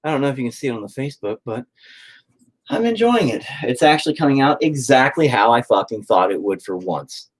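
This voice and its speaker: A man's voice: medium pitch, big pitch swings, brisk, slightly rough, poor audio. A man chatting casually and profanely while painting on a livestream, rambling and joking. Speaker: streamer painting on camera.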